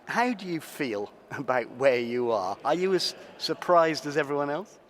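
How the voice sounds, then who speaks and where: A man presenting a radio report and interviewing a guest in a measured, conversational way, recorded in a large indoor lobby. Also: fairly high pitch, very animated, fairly bright tone. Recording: public lobby with some noise.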